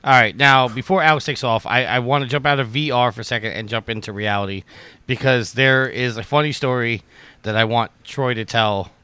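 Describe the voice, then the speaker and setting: A man's voice: mid-range voice, fairly quick, pushed and bright, clean tone, no room sound. A man hosting a podcast, upbeat and steering the chat along. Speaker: podcast host. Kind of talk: casual chat.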